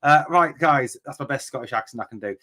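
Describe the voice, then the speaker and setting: A man's voice: medium pitch, a little fast, bright, forceful tone. A man hosting a live podcast in an upbeat, friendly manner, thanking his guest and viewers. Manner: upbeat, friendly sign-off patter. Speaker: podcast host.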